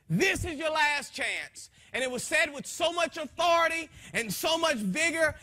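A man giving an impassioned spoken testimony to a gathering in a folksy, rambling way, his voice swinging from soft to loud. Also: very high-pitched. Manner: folksy, rambling, with frequent restarts.

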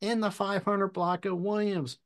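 A man hosting a podcast, telling a fire service story in a measured, deliberate way with pauses. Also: high-pitched, little pitch movement. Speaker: podcast host and fire officer instructor. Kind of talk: storytelling anecdote.

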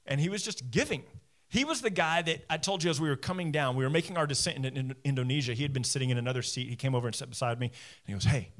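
A man's voice: mid-range voice, very fast. A man preaching a sermon from a church stage as the teaching pastor, talking straight to his listeners with self-deprecating humor. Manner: conversational, animated, talks straight to listeners.

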